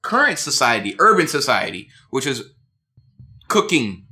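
Bright-voiced young man telling a story. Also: medium pitch, a little slow. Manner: earnest, excitable storyteller. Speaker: podcast co-host. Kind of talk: casual storytelling chat.

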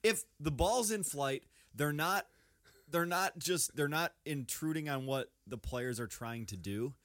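A man's voice: a little high, a little slow, no echo. Podcast guy ranting about golf fans, voice bouncing all over, dry close sound. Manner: animated, opinionated, laughs mid-sentence. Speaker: podcast co-host. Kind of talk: casual chat.

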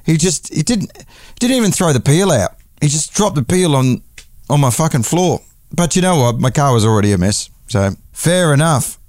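A man's voice: a little high, very animated, normal speed, a little mellow, no echo, clean studio sound. A man hosting a podcast, telling a rambling, profane comic story and correcting himself as he goes. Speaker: podcast host.

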